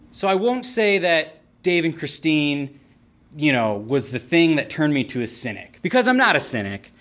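A man tells a personal story to a live audience, and his voice sits a touch high. He is playful and theatrical, drawing out the moments for effect. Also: a bit bright.

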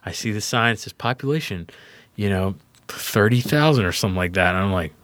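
A young man from Louisiana, a podcast guest telling a story in a casual, profane, animated way and acting out the people he quotes. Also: fairly low pitch, a little fast, no echo. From Louisiana, USA.

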